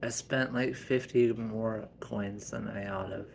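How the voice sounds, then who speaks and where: A man narrating a first-person family story in a halting way, with many restarts. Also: lowish voice, fairly even intonation, creaky.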